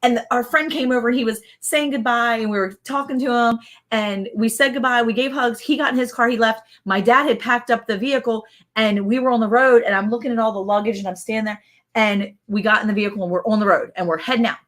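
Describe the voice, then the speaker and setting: A woman's voice: a little high, fairly even intonation, quick pace, fairly bright tone. A woman co-hosting a casual live stream, telling stories in a chatty way and laughing often. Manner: chatty storyteller, laughs a lot. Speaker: livestream co-host. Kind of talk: casual chat.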